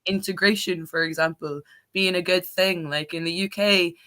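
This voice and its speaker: Bright chatty woman. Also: fairly low pitch, steady tone, moderate pace. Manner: chatty, fillers of "like" and "you know". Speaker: guest. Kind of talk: casual podcast conversation.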